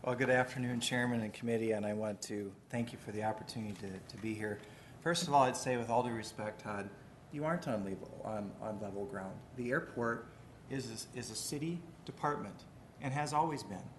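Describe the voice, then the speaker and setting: A man, the mayor, giving a measured, deliberate formal address at a city committee meeting in a council chamber. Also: medium pitch, slight background noise.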